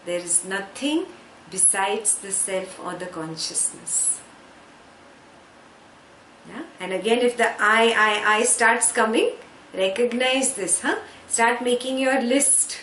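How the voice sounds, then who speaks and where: A woman's voice: mid-range voice, fairly bright tone. A woman teaching a scripture class, patiently explaining Sanskrit words and checking in with listeners. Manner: slow, patient, checks understanding with frequent "yeah?". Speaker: spiritual teacher. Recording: echoey room, faint background noise.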